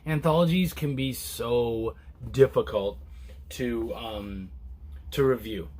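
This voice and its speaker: A man reviewing a comic book in a casual, relaxed chat to camera, rambling with many restarts and fillers. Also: slow. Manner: relaxed and low-key.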